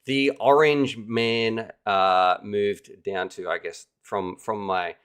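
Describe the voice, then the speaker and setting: Low-voiced man hosting a livestream. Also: steady tone, takes it slowly, fairly bright tone, clean tone. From Australia. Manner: enthusiastic, chatty, addresses viewers directly. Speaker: livestream host. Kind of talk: casual livestream chat.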